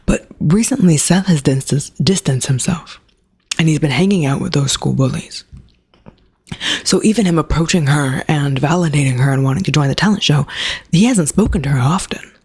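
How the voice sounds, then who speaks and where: Low, husky woman ranting about books. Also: normal speed, darkish tone. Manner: chatty, sarcastic asides. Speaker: book reviewer. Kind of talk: casual book review rant.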